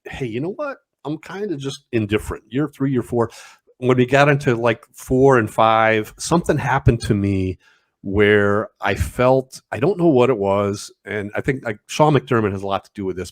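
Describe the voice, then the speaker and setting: A middle-aged man, co-hosting a podcast and telling stories in a reflective, halting way. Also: medium pitch, dry recording. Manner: reflective, halting storyteller with restarts. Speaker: podcast co-host. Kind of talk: casual chat.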